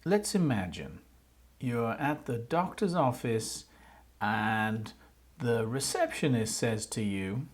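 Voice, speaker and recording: English teacher with a very animated pitch, explaining grammar clearly and patiently for learners. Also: slow pace. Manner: clear, patient explaining, with example questions spoken aloud.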